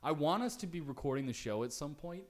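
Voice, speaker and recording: A man's voice: fairly high pitch, animated, fast. A man co-hosting a casual podcast, chatting in a rambling way and laughing easily. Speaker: podcast co-host. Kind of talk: casual chat.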